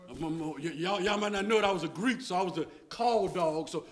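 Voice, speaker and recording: An older man preaching a lively, playful church sermon, hollering and calling out to the congregation. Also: high voice, brisk. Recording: echoey church room with crowd noise.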